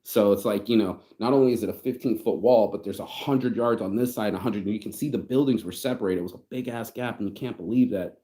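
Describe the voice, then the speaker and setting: A man from the United States telling a story in a casual vlog, animated and slangy, acting out what people said. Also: lowish voice, fast talker, few pauses. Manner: animated slangy storytelling, acts out quoted voices. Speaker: vlogger.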